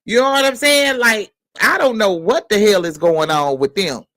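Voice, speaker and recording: A man hosting a casual gossip commentary show, halting and full of restarts. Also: high-pitched, fairly bright tone, dry recording, studio quality. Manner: halting, restarts, slow delivery. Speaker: host.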